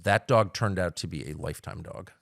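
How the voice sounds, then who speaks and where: A man's voice: deep voice, brisk, vocal fry, fairly bright tone, no echo, clean studio sound. A middle-aged man, a podcast guest, talking bluntly and opinionatedly in casual chat with frequent restarts.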